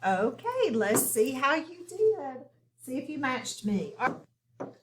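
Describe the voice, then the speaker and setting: Woman, phonics teacher, slow and patient, slightly high voice, frequent check-ins. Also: sing-song, reverberant. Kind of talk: online phonics lesson.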